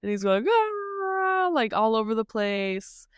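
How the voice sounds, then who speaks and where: A woman co-hosting a podcast, chatting casually and hesitantly with lots of ums, retelling a story and popping into high voices for the characters. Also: flat delivery, moderate pace, clear, resonant tone, no echo, clean studio sound. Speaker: podcast co-host. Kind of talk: casual book-discussion chat.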